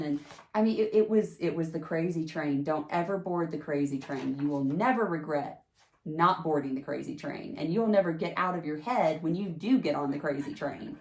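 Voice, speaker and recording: A woman hosting a show, telling a personal story in casual chat and jumping high when acting out what people said. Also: moderate pace, roomy sound. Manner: animated, jumps into high pitch acting out quotes.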